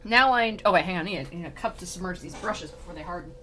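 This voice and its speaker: A woman's voice: on the low side, rapid-fire, a bit bright, slight background noise. A woman streamer chatting casually and rambling in slang while reading a poem aloud.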